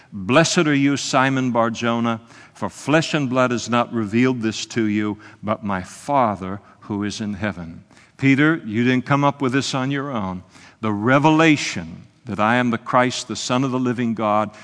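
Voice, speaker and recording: A man preaching an evening sermon in an earnest, conversational way, often pausing with hesitations. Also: lowish voice, in a large hall. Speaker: pastor. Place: church service, evening.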